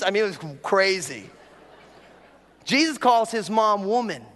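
A pastor from New York preaching a humorous sermon, telling stories with lively acted-out prayers. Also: male voice, sits high, moderate pace. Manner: animated storytelling, acts out prayers in a raised voice. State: a bit dehydrated after travel. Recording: hall reverb.

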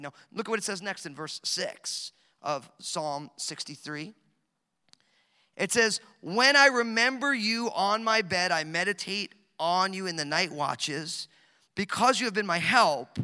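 A pastor in his thirties delivers a lively sermon, his voice sitting high and sounding piercingly bright. He jokes and rambles through stories with plenty of fillers. The sound rings with the long reverb of a big hall. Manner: animated, joking storytelling with many fillers. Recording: echoey hall recording.

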